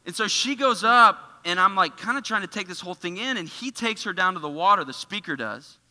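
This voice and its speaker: A man giving a casual, animated storytelling sermon in a church, full of filler words. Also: high-pitched, fairly quick, long reverb tail. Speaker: church speaker. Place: church auditorium.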